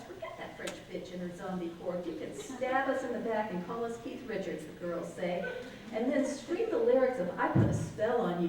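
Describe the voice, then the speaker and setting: A woman's voice: on the high side, a little mellow. A middle-aged woman poet giving a reading, chatting in a rambling, self-deprecating way between her poems. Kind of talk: poetry reading with chatty asides. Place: conference hall reading. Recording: echoey hall, distant mic, background noise.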